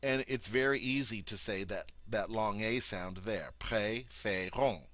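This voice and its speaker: A man's voice: fairly low pitch, normal speed, a bit bright, no room sound. A man, a teacher, patiently explaining a French grammar point in a methodical classroom style. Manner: patient, methodical, with many ums and rhetorical checks.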